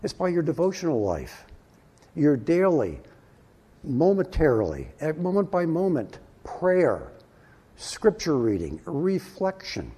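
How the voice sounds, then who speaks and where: Mellow, husky-voiced male preacher. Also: fairly high pitch, wildly swooping pitch. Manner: emphatic preaching with rising and falling delivery, slow stresses. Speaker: pastor. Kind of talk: sermon.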